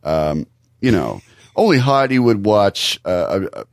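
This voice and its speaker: A man co-hosting a podcast, talking things over in a thoughtful, halting way with many restarts. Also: lowish voice, sing-song, creaky, dry recording, studio quality. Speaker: podcast co-host. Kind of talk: casual podcast discussion.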